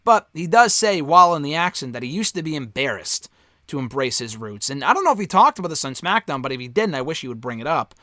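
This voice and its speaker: Male reviewer, talks candidly and offhand, higher-pitched voice, dry close mic. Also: big pitch swings, fast talker, pushed and bright, dry recording. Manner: candid, offhand, swears freely. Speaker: wrestling show reviewer. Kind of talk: casual spoken review.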